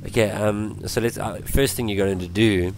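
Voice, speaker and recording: A man explaining web page coding in a screen-recorded tutorial, his voice worn from illness, halting with many ums and restarts. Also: on the low side, steady tone, gravelly, a little mellow, slight background noise. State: voice going from illness. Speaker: tutorial presenter.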